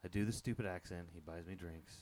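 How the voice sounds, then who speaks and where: A man's voice: medium pitch, lively intonation, normal speed, lightly acted. A man playing a swaggering local hustler who puts on a fake Australian act and talks tough in an improvised comedy sketch. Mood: hushed menace. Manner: swaggering, aggressive, slangy.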